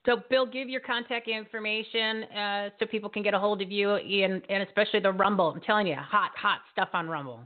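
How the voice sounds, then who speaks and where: A woman's voice: mid-range voice, fairly quick, few pauses. A woman hosting a live talk show, enthusiastic and hyping her guests. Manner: enthusiastic, hypes guests, laughs often. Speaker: host. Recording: tinny phone-like line.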